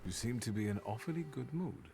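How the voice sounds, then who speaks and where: An actor playing a steady young sorcerer hero in a video game, with terse, dry replies. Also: male voice, mid-range voice, quick pace, gravelly, a little hiss or hum.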